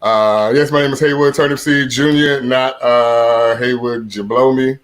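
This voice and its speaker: Middle-aged male stand-up comic, deep voice, chuckles at his own punchlines, lots of "uh". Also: fairly even intonation, unhurried. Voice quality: deep voice, often compared to Mufasa. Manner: chuckles at his own jokes, many "uh" fillers. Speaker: stand-up comedian. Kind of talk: stand-up comedy set. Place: seated in a room at home.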